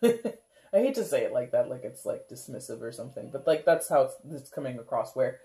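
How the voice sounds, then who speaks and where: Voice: medium pitch, very animated, fairly quick, warm tone. A tarot reader giving a casual reading, rambling with lots of "like" and "kinda", laughing often and acting out how viewers might react. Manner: chatty, rambling, full of "like" and "kinda".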